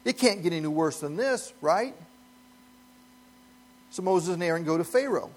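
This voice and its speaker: A man with a notably high-pitched voice preaches from the pulpit. He speaks earnestly and with emphasis, his sermon broken by light chuckles. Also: expressive, normal speed. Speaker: pastor.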